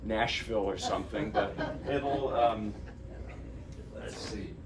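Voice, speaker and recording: A man's voice: fairly low pitch, slow pace. A man from New Jersey who plays piano chats informally between pieces in a small, living-room-like recital room. He rambles, breaks off his own sentences and keeps a lighthearted tone. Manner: chatty, rambling, self-interrupting, lighthearted. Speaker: pianist giving a lecture-recital. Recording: distant mic with faint room ambience.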